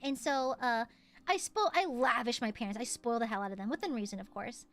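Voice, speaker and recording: A woman's voice: fairly high pitch, fairly quick, fairly bright tone, soft background music. A young woman streamer in casual chat, rambling and laughing often. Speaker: VTuber streamer.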